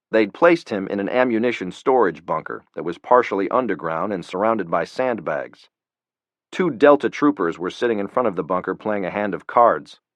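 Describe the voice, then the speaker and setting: A man narrating a thriller audiobook in a steady, even way. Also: fairly low pitch, no room sound. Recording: dull lo-fi, dry.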